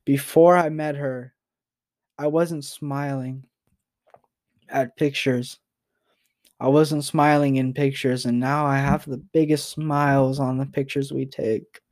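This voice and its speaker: Young man, personal vlog, emotional and halting, flat monotone, loose and rambling delivery. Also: medium pitch. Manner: rambling, halting, repeats himself and apologizes. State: emotional, near tears.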